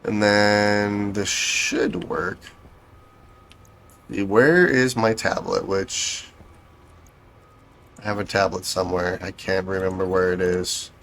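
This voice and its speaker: Casting: deep-voiced male gamer thinking aloud, dry sarcasm, faint room hiss. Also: fairly even intonation, slow, pauses often, a bit bright. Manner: thinking aloud, self-correcting, dryly sarcastic. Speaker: game streamer. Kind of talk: casual gameplay commentary.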